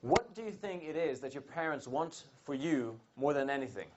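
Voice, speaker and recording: A man giving a motivational seminar talk to a live audience, telling a personal story with animated delivery and questions to the room. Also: mid-range voice, normal speed, dull audio. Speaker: seminar speaker.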